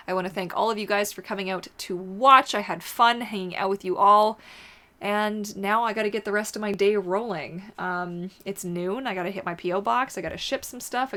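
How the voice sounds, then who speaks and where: A woman's voice: medium pitch, fairly bright tone. A woman hosting a casual livestream, chatting and answering viewer comments as she reads them out. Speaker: livestream host.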